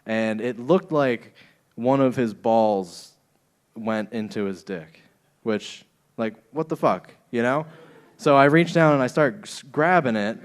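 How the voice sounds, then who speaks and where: A man's voice: medium pitch, takes it slowly, clear, resonant tone. A young man doing a stand-up set in a comedy club, often laughing at his own jokes.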